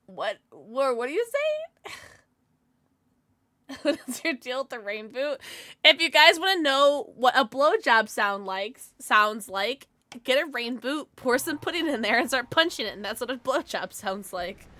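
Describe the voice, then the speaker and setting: A woman streaming a video game who chats casually with her viewers, giggly, loud and excitable, and high on edibles. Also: measured pace, dry recording. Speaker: streamer and voice actor. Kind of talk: casual game livestream chat.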